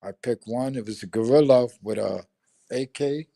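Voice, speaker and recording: Older guy telling army stories on a stream, lots of cussing and laughing, mid pitch, dry close sound. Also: normal speed, creaky, dark tone, dry recording. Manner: profane, laughing, acts out voices in anecdotes. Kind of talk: casual storytelling chat. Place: home.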